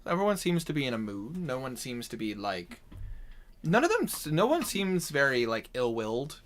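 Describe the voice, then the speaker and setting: A man's voice: medium pitch, big pitch swings, moderate pace. Giggly, rambling game master man. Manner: laughing often, apologetic, rambling. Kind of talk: running a tabletop game over voice chat.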